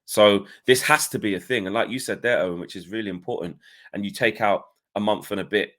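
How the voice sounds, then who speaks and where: A man hosting a casual football news show, chatty and energetic, with frequent fillers and restarts. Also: lowish voice, brisk. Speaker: host. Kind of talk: casual football podcast chat.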